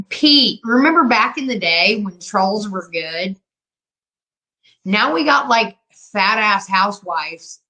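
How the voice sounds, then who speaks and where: A woman's voice: lowish voice, a bit bright, low-quality recording. Brash, taunting woman in her fifties hosting a live stream, profane and drinking. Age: 50s. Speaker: livestream host. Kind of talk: live stream chat with viewers.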